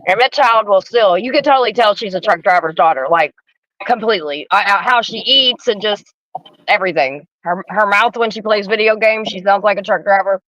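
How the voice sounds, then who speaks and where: A woman's voice: medium pitch, brisk, a bit bright, no room sound. A middle-aged woman telling stories and chatting casually on a video call, swearing freely. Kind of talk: casual chat. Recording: dull lo-fi call audio.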